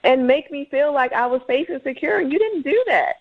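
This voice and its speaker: A woman's voice: sits high, fairly quick. Indignant woman on a phone line. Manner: indignant, animated storytelling. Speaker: caller. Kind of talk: heated radio call-in.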